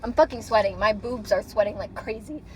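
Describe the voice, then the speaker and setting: A woman's voice: mid-range voice, brisk, a little mellow, a little hiss or hum, rough recording. A young woman vlogging casually from her car, talking frankly and swearing as she vents. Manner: frank and profane, venting. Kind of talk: casual vlog talk. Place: car, driving.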